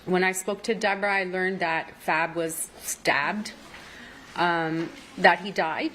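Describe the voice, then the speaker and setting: A woman's voice: lowish voice, steady tone, takes it slowly, fairly bright tone, a little hiss or hum, poor audio. A woman testifying as a witness in a courtroom, recounting events at length and quoting what others said, emotional and apologizing through tears. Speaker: trial witness.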